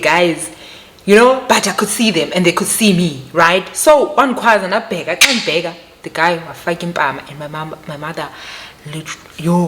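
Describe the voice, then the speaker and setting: Speaking at a normal speed with a fairly low voice, a young vlogger with a South African accent tells her viewers a personal story. She's emphatic and animated, repeating herself and addressing them head-on.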